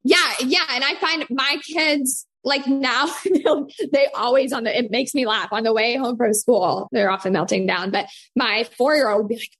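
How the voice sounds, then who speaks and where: A woman with a fairly high, slightly husky voice. She's a mom co-hosting a podcast, frank and chatty, and fills her sentences with "like.". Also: moderate pace, few pauses, a bit bright. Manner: chatty, frank, many "like" fillers. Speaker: podcast co-host and mother. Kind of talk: casual podcast conversation.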